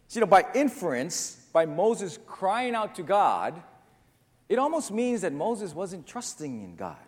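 A man's voice: a little high, big pitch swings, normal speed, darkish tone, long reverb tail. A male pastor preaching a sermon, earnest and storytelling, rising to emphatic peaks.

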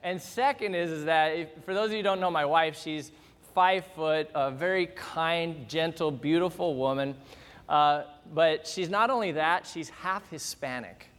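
A middle-aged man preaching in a church, his voice sitting high for a man. He tells a funny story with lively acting-out, and his words ring with a long hall reverb. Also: a little slow. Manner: animated, humorous storyteller acting out scenes. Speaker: pastor. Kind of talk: storytelling sermon.

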